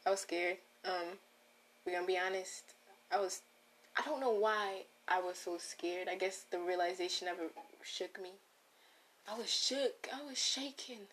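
A woman's voice: lowish voice, steady tone, moderate pace, a bit bright. A woman hosting a casual solo podcast, rambling and breaking off her own sentences as she talks straight to her listeners. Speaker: podcast host.

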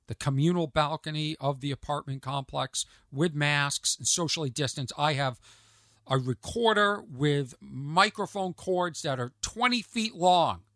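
Male podcast host, solo comedy monologue, high bright voice, rambling, self-mocking, dry close sound. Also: no echo. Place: home studio in a converted camper.

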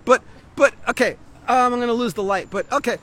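A man's voice: extremely high pitch, brisk, bright, forceful tone. A man vlogging outdoors on a city street, ranting in an agitated, rambling way with frequent swearing and restarts. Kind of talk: street vlog rant.

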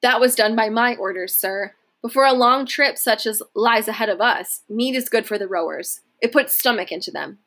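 A woman's voice: a little high, normal speed, few pauses, a bit bright. A woman reading the lines of a male ship's master, formal and commanding.

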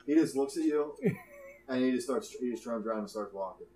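A man's voice: medium pitch, a little fast, dark tone, roomy sound, low-quality recording. A man narrating as game master in a loose, casual way.

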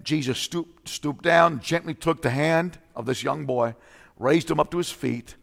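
A male preacher delivering a fervent sermon, swinging from loud outbursts to low, intense teaching, often clearing his throat. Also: a little slow. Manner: frequent throat clearing and repeated "come on now". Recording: long reverb of a large hall.

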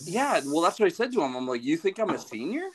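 A man's voice: a little high, very animated, quick pace, slight background noise. A man in his late thirties co-hosting a podcast, telling a rambling, self-deprecating story with plenty of swearing. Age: 30s. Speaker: podcast co-host. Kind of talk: casual storytelling.

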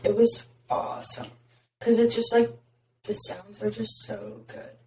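Raspy young woman chatting, roomy sound. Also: mid-range voice, fairly even intonation, measured pace, warm tone, a little hiss or hum. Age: young adult. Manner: chatty, heavy filler "like". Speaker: podcast host. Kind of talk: casual chat. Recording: roomy, distant mic.

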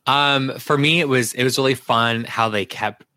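A man's voice: medium pitch, normal speed, pushed and bright, no echo. A man speaking as a guest in a casual podcast discussion, eager and rambling as he corrects himself.

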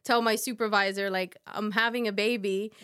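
A woman in her thirties, a podcast guest, telling a personal story in a halting, soft way with many fillers. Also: mid-range voice, steady tone, clean tone. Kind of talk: casual conversation.

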